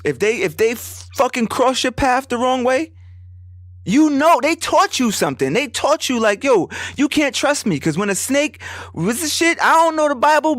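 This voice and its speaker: A young man hosting a podcast alone, telling a story in a rambling, animated way, swearing often and acting out what his friends said. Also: high voice, dry recording, clean studio sound. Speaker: podcast host. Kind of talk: casual solo podcast storytelling.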